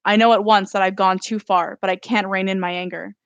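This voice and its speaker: A woman author reading her own novel aloud in a steady first-person narration during a live stream. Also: mid-range voice, brisk, clear, resonant tone, dry recording, lo-fi sound.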